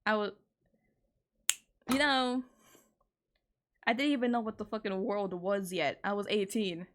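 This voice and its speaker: In a steady, unhurried tone, a woman in her twenties shares a personal story during a casual home stream. Exasperated and candid, she swears freely, her voice springing upward in pitch when indignation sets in.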